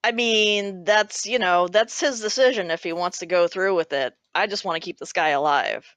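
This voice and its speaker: A woman's voice: medium pitch, normal speed, a bit bright, clear, resonant tone, no echo. A woman playing a tabletop role-playing game, casual and laughing between lines. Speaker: player.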